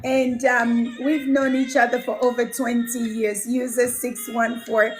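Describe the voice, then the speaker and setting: Livestream host, woman, high and lively voice, greets fans one by one, faint music behind. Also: a little slow, hardly any pauses. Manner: chatty, laughing, greets viewers by name. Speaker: livestream host and home care business mentor. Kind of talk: casual livestream chat reading viewer comments.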